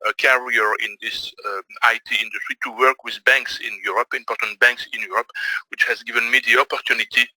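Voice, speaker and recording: A middle-aged man from Belgium with a Belgian French accent, giving a webinar presentation and pausing often on fillers. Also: mid-range voice, fairly even intonation, bright, forceful tone, husky, no room sound, low-quality recording. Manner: hesitant, many fillers. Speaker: trading presenter.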